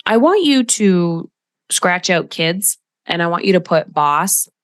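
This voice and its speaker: A middle-aged woman coaching listeners on her own podcast, in a slightly low voice. She talks directly and emphatically and slips into quoted voices. The sound is dry and close to the mic. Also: lively intonation, takes it slowly, no echo. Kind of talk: solo podcast talk.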